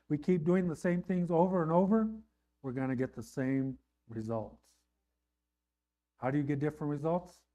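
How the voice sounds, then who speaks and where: Male pastor, pitched a little high, earnest conversational sermon delivery. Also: warm tone. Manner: earnest, conversational preaching with repeated "right?".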